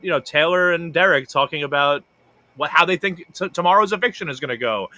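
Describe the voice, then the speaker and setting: A man's voice: fairly high pitch, expressive, fast talker, pushed and bright, no room sound. A man co-hosting a casual podcast chat, thinking aloud with many restarts. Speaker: podcast co-host.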